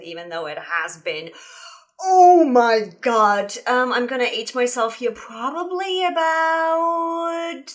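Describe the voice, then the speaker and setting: A woman's voice: mid-range voice, sharp tone. A woman in her fifties hosting a podcast interview, chatty and self-deprecating, drifting into little asides. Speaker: podcast host.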